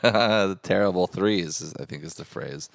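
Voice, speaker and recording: Male podcast co-host, very low gravelly voice, deadpan humor, dry close sound. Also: normal speed, dry recording. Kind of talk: comedic podcast banter.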